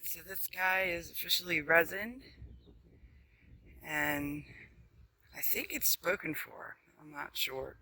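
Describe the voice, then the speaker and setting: A woman narrating her paint pouring as a casual vlog, talking to viewers, easily excited and laughing often. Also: fairly low pitch, a little hiss or hum.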